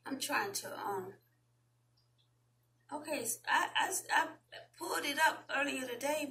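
Woman, Southern US accent, slow talker, fairly high voice, casual vlog chat, faint room hum. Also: lively intonation, sharp tone, poor audio. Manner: chatty, slow and deliberate when reading. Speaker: vlogger. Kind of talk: casual chat and reading aloud.

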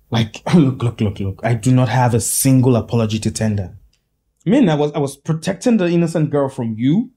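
An actor playing a blunt, exasperated friend who lectures and scolds. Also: male voice, mid-range voice, mellow, slightly rough.

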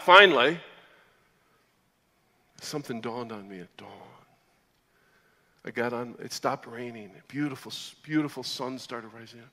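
A man preaching his personal testimony as a sermon, moving between loud excited bursts and low, quiet storytelling. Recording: long hall reverb.

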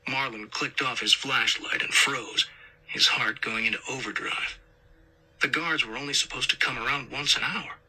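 A man's voice: medium pitch, sharp tone, husky, low-quality recording. A man narrating a crime story as an audiobook reader, acting out tense whispered dialogue. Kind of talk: scripted narration.

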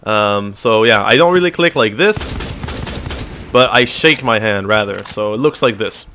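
A man's voice: fairly low pitch, lively intonation, unhurried, background noise. A man casually commenting on his own gameplay, chatty and swearing freely, explaining his tricks into a desk microphone. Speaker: gamer and video host.

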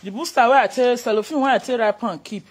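A woman's voice: fairly high pitch, quick pace, husky. A woman with a Nigerian Pidgin accent, casually chatting on a livestream, reading out viewer comments and laughing often. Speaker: livestream host.

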